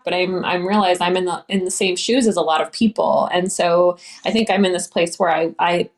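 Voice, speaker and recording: A woman's voice: lowish voice, fairly even intonation, brisk, few pauses. A young woman pilot giving an earnest, enthusiastic interview answer, often restarting her sentences. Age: young adult.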